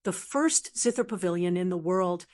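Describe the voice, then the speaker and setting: A woman's voice: on the low side, lively intonation, moderate pace, a little mellow, lightly acted. A woman voicing a frightened male servant who pleads bitterly, in an audiobook. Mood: pleading.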